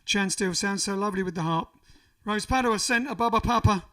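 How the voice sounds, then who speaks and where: A man with a high, brisk, fairly bright voice hosts a band livestream from his living room. As frontman, he chats casually between songs and rambles while reading viewer comments aloud. He sits a little far from the mic, with faint music in the background.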